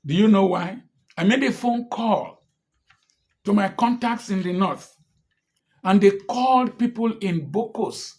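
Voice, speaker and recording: A man delivering impassioned political commentary in a fairly high voice. He speaks slowly and deliberately, hammering home one rhetorical question after another. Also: darkish tone. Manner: repeated pointed rhetorical questions.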